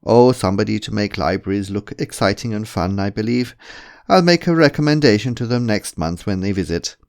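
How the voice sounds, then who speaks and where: A man's voice: on the low side, expressive, fairly quick, creaky, darkish tone. A man voicing a polite, jovial department head who speaks formally. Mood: mild. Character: genial, pompous male department head.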